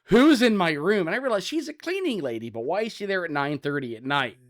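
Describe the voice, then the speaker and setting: Man, around 40, from Ohio, podcast co-host, loud, animated storyteller, fairly high voice. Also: fast. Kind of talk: casual chat, storytelling.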